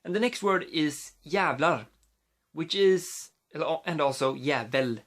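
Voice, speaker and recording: A man's voice: on the high side, lively intonation, slow, a bit bright. A man with a Swedish accent, a native Swedish speaker, vlogging casually into his phone, rambling with many fillers and restarts.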